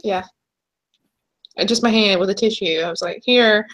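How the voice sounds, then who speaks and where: A young woman co-hosting a casual chat show, chatty and quick to laugh. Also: medium pitch, fairly bright tone. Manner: chatty, laughs easily, trails off and restarts. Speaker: podcast co-host.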